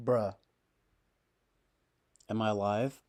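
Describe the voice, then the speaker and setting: A man's voice: steady tone, very slow, darkish tone. A man streaming live, reading news aloud and reacting with casual, sarcastic commentary. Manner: sarcastic, swings into mocking high voices.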